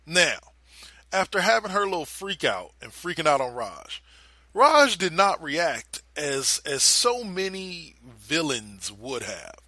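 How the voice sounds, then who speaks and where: A young man co-hosting a podcast, retelling a TV scene in casual, animated chat and swearing freely. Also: on the high side, takes it slowly, no echo. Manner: animated storyteller, swears freely, drops into quoted voices. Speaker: podcast co-host.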